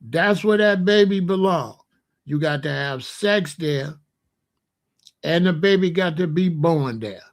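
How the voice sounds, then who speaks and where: A man's voice: a little high, animated, takes it slowly. A man hosting a casual monologue, talking in a loose, joking, rambling way. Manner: loose, joking and rambling, laughs at own jokes. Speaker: host.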